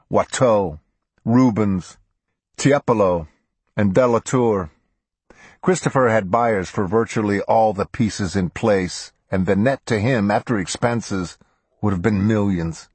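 A male narrator reads a crime audiobook in a steady, measured voice. His voice sits very low and husky, and the recording is dry and close with no room sound. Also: no room sound. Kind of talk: scripted narration.

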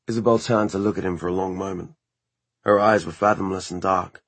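A man reading an audiobook in a measured, even narration style. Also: low voice, vocal fry, husky, dry recording.

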